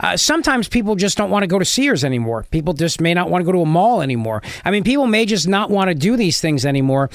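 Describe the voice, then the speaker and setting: Man, talk radio host, high pitch, sarcastic, dry studio sound. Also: big pitch swings, fast, few pauses, no room sound. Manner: sarcastic, mocking. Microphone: studio mic.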